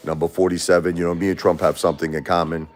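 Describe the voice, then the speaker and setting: A man's voice: low-pitched, flat delivery, quick pace. A man, chatting casually and rambling on a livestream, laughing often. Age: 40s. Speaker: livestream host.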